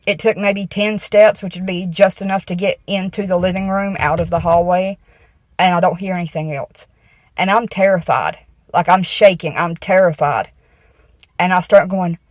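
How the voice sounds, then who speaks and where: A woman's voice: medium pitch, no room sound, rough recording. A woman, telling a true ghost story in a casual, tense way and often asking "okay?". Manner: tense, repeating "okay?" to the listener.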